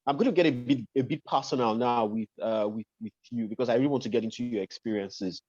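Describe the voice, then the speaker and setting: A man's voice: mid-range voice, quick pace, a little mellow, no room sound, dull audio. A man hosting an interview, asking long careful questions with many fillers and restarts, over a remote call. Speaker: podcast host.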